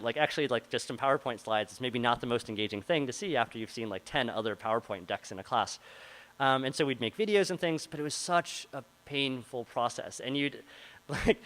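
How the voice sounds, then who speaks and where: A man's voice: mid-range voice, fairly bright tone, low-quality recording. A man presenting at a meetup, answering audience questions in a loose, chatty way with plenty of fillers. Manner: casual, filler-heavy, many likes and ums. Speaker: product manager presenting. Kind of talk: meetup Q&A talk. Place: meeting room before a live audience.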